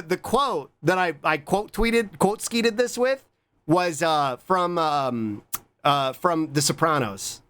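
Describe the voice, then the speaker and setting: A man's voice: high voice, fairly bright tone. An American man streaming, chatting casually with lots of swearing and rambling, humming filler sounds between thoughts. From USA.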